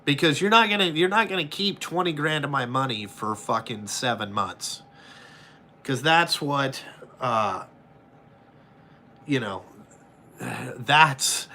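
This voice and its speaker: A man's voice: mid-range voice, a little slow, pauses often, a little hiss or hum. A man, a truck driver chatting casually and bluntly with his viewers, swearing often and reenacting his calls. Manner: profane, blunt and animated. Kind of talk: casual chat answering viewers.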